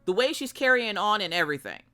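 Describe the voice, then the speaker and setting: A woman streamer telling a story in casual chat, animated and swearing freely. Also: medium pitch, quick pace, faint music behind.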